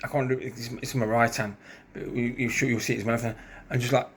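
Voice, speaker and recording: A middle-aged man tells his story at a quick clip. He rambles, restarts his sentences and keeps checking in with the listener. His voice sits at an ordinary pitch. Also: level tone, slight background noise. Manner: rambling, repeats "do you know what I mean". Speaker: storyteller recounting a street fight. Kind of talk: casual storytelling monologue.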